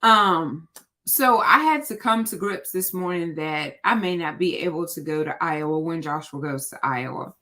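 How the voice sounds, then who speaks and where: A woman's voice: deep voice, normal speed, sharp tone. Rambling woman hosting a livestream. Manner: rambling, thinking aloud with many fillers. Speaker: livestream host. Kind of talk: casual livestream chat.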